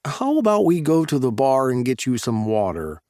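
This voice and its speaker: A man voices a harried baker who is apologetic and a bit worn out, pitching his mid-range voice above his natural one. His delivery swings hugely in pitch at normal speed, with a slightly mellow tone. The clean studio sound has no room sound at all.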